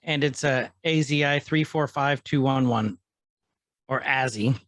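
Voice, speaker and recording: A man's voice: fairly high pitch, steady tone, unhurried, a bit bright, no room sound. Casual man recapping a show. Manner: retells scenes, quoting characters in plain voice. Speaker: podcast co-host.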